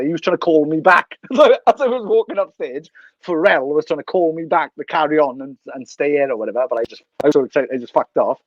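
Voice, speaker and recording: A Welsh man in his thirties telling an animated, sweary story as a podcast guest. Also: a little high, no echo, lo-fi sound. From Wales. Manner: animated, sweary, laughs through anecdotes. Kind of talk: casual storytelling.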